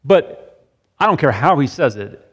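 A man's voice: on the high side, big pitch swings, measured pace, breathy edge. A middle-aged man leading a sermon discussion, talking casually and often checking in with "right?" as he asks the group questions. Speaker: pastor. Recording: long hall reverb.

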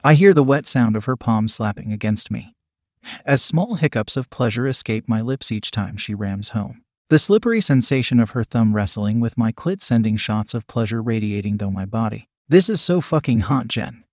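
A man's voice: lowish voice, moderate pace, darkish tone, no echo. Man narrating in a dry close voice. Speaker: audiobook narrator. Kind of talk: first-person erotic story narration.

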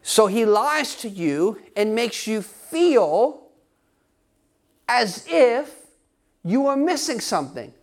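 A male pastor with a very high voice and big pitch swings preaches slowly, pausing often. Emphatic and direct with his congregation, he asks them frequent questions and laughs from time to time.

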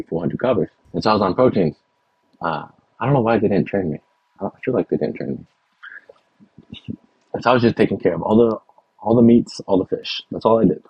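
Young chef from Texas, low gravel-free husky voice, animated storyteller, dry muffled sound. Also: male voice, no room sound. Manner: animated anecdotes with acted quotes, many fillers. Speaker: chef guest. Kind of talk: casual storytelling.

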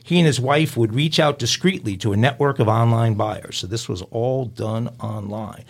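A man co-hosting a crime news podcast, reading headlines and quotes aloud and adding wry, deadpan remarks. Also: medium pitch, moderate pace. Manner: wry, deadpan commentary between quoted passages. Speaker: podcast co-host.

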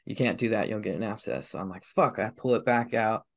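A man's voice: fairly low pitch, fast, gravelly. A man in his thirties telling his personal story as a podcast guest, candid and confessional, swearing heavily. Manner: heavy swearing, raw and confessional.

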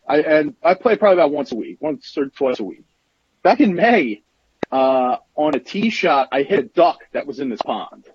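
Husky-voiced Philly caller. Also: male voice, on the high side, no echo, highs cut off. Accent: Philadelphia. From Philadelphia area. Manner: chatty, rambling, self-deprecating.

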